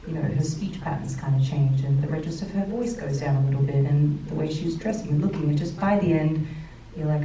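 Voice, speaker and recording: A woman with a deep, low voice talks chattily, stumbling through fillers and restarts as she tells stories from set. She sounds distant from the microphone in a roomy screening hall. A faint hum of noise sits underneath. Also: a little fast, mellow. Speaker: actress on a panel. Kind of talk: panel Q&A chat. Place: screening room with audience.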